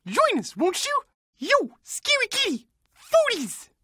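A squeaky, sky-high cartoon cat, chattering in bubbly sing-song and playful broken grammar. The voice leaps all over its range and has a bright, sharp edge, recorded close and dry. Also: female voice, huge pitch swings, dry recording, full character voice. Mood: excited. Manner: bubbly, sing-song, repeats her own names in rapid chants. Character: chatty, cheerful cartoon cat, silly and excitable. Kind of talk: cartoon voice acting.

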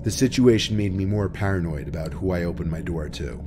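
A man calmly reading first-person horror stories as scripted narration. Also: low voice, noisy background. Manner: calm, measured storytelling. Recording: narration over background music.

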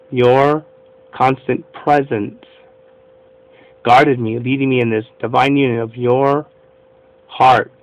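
A man's voice: medium pitch, poor audio. A man reading the prayer of a humble, devout woman mystic in an earnest, fervent devotional reading.

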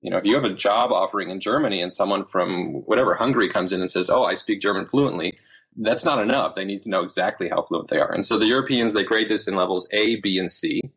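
A man in his thirties talks as a podcast guest, animated and full of quick asides. His voice sits on the low side and has a husky grain. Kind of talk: casual interview chat.

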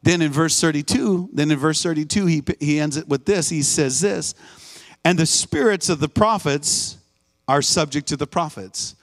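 A man's voice: on the high side, normal speed. A man preaching a live church sermon, emphatic and repetitive, calling out to the congregation. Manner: emphatic, call-and-response, repeats phrases. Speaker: guest preacher. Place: church sanctuary.

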